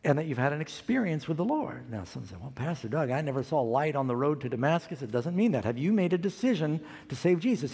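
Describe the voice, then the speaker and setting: A man's voice: high-pitched, a little mellow, husky, big-room sound. An older man preaching a sermon as pastor, telling a story and acting out the quoted voices.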